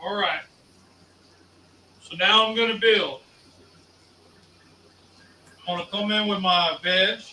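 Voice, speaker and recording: A man's voice: sits high, slow, pauses often, a little hiss or hum. A man talking through a cooking recipe step by step, matter-of-fact as he works. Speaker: cook. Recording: roomy, bright and far from the mic.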